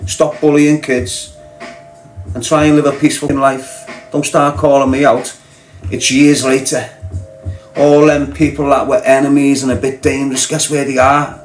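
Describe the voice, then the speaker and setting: A man's voice: fairly high pitch, poor audio. A man with a Scouse accent delivering a confrontational, mocking rant as a podcast guest. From Liverpool, England. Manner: confrontational, mocking, blunt and sweary. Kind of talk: ranting monologue.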